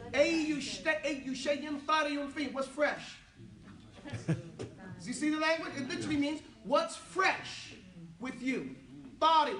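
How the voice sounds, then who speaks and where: Rich: A playful man leads an Arabic class, cracking jokes as he drills phrases with the students. His voice sits high, and the room answers with a roomy echo. He is heard from some distance. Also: bright, forceful tone. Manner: playful, joking, switching between English and Arabic. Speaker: Arabic teacher. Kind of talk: lively classroom teaching.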